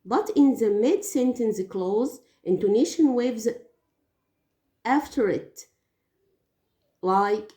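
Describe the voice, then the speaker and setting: Woman, Arabic native speaker, English teacher, fairly high voice, slow careful explaining, echoey room. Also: animated, mellow. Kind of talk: teaching tips, spoken lesson.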